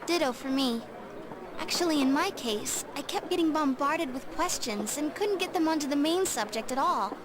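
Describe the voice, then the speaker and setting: A woman's voice: sits high, expressive, normal speed, noisy background. A woman voicing a teenage girl in a video game, speaking in an earnest, matter-of-fact way. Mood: serious.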